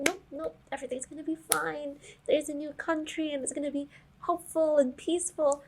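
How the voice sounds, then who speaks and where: A young woman hosting an anime reaction review, talking emotionally with frequent laughs and sighs. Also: on the high side. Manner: emotional, animated, laughing and sighing often.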